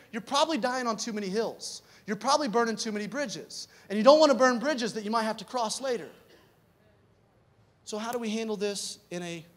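In a conversational sermon, a pastor with a high male voice leans on rhetorical questions and emphasizes his points by repeating key words.

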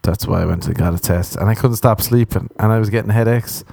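Deep gravelly man rambling on a podcast. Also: fast talker, warm tone, no room sound. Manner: swearing, storytelling, acts out other voices. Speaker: podcast host. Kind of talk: rambling solo podcast monologue. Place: Los Angeles.

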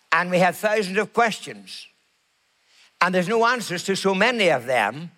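Middle-aged male pastor, high voice, slow emphatic sermon delivery. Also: fairly bright tone. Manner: slow emphatic preaching with repeated phrases.

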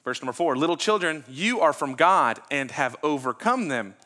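A man's voice: fairly high pitch, animated, moderate pace, sharp tone. A pastor preaching a sermon in a conversational way, asking his listeners rhetorical questions.

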